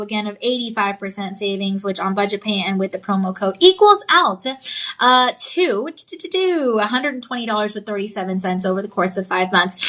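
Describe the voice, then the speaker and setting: A woman hosts a live jewelry sales segment in a bright, slightly high voice. She chats playfully with her viewers, pausing often to check in with them. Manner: chatty and playful, keeps checking in with "okay?". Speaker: home shopping host.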